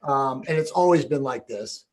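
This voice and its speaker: A man's voice: medium pitch, expressive, moderate pace. A man hosting a casual spiritual discussion, talking in a rambling way with many fillers. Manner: rambling, filler-heavy questions. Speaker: podcast host.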